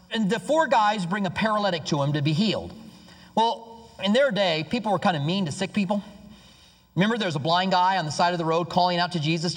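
Male pastor, emphatic sermon delivery with hushed lows and excited highs, slightly high voice, long hall reverb. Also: breathy edge. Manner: emphatic, swings between hushed low and raised excited voice.

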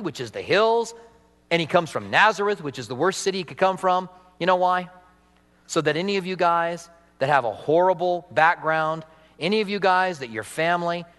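A man preaching a sermon as pastor, animated with humorous asides, then leading a prayer. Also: high voice. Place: church sanctuary. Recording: reverberant church hall.

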